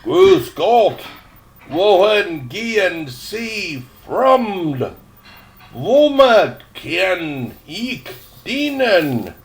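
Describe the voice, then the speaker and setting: An older man voicing a cheerful young German girl with a soft, lilting voice in a storybook reading. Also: high-pitched, sing-song, drawn-out words, pitched above the performer's own voice, full character voice. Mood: merry.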